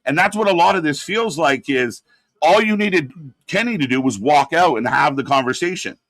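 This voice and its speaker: A man's voice: on the high side, expressive, moderate pace, a bit bright, dry recording. A man hosting a live watch-along, reacting and critiquing in a rambling, exasperated way with lots of fillers. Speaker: host.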